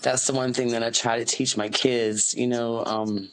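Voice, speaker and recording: A woman's voice: extremely low pitch, level tone, normal speed, rough recording. A woman in her forties from the United States, a podcast guest and activist, talking candidly and earnestly in an interview, full of fillers and restarts, speaking from an office. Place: an office, indoors.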